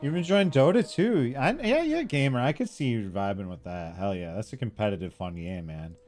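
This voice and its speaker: A young man chatting casually with viewers while he streams a game, relaxed, laughing often and swearing freely. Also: mid-range voice, a little fast, soft background music. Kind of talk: casual live-stream chat while gaming.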